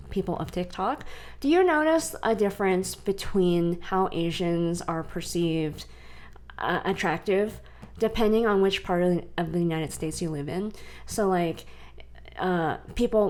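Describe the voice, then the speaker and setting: A young adult woman from the US West Coast, co-hosting a podcast in casual chat, animated and laughing between points. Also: medium pitch. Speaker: podcast co-host.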